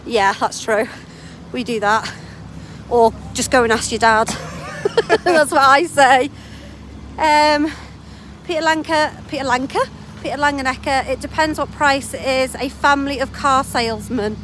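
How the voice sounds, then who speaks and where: A woman's voice: sits high, measured pace, fairly bright tone, slight background noise. A woman co-hosting a podcast, out of breath from walking as she reads listener comments aloud in a breezy way. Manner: breezy, laughs easily. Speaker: podcast co-host reading chat messages. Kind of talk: casual chat, reading listener comments. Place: outdoors while walking.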